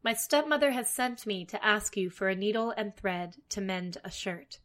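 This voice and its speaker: A woman's voice: medium pitch, expressive, moderate pace, lightly acted. A woman voicing a kind, polite little girl in a storybook reading. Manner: polite, soft.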